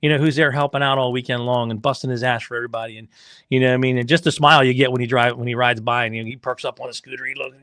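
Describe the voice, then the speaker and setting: A racing team owner and father swaps stories on a podcast in a lively, profane way. He jumps into the voices of the people in his stories. The recording is close and dry, with a mid-range male voice. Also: mid-range voice, racing, no echo. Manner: animated storyteller, acts out quotes, swears freely. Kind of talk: casual podcast chat.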